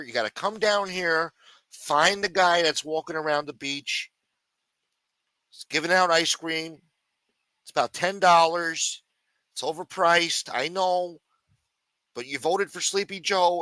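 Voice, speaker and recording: A man putting on the voice of a boastful loudmouth who brags about his snacks and his money. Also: no echo. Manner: gloating, show-off sales pitch.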